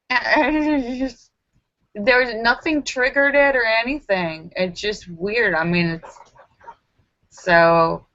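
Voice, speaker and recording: A woman hosting a casual live stream from home, telling stories in a rambling way with lots of fillers and restarts, and acting out her own frantic self-talk in sudden high squeals. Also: drawn-out words, pauses often, a bit bright, no room sound. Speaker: livestream host. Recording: dull lo-fi sound.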